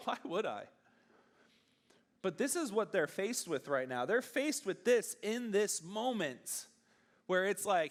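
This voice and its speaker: High-voiced young man preaching to youth. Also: animated. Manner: conversational, acts out dialogue in quick bursts. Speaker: youth pastor. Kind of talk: casual youth sermon.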